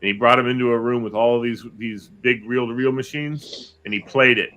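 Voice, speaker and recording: A middle-aged man with a bright, forceful voice chats casually as a show co-host. He tells stories with energy and slips into quoted voices. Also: mid-range voice, a little fast, dull audio. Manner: animated storyteller, acts out quotes. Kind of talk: casual chat, storytelling.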